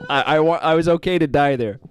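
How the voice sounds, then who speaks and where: A man co-hosting a podcast, telling a story in a casual, animated way. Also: on the high side, fast. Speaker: podcast co-host.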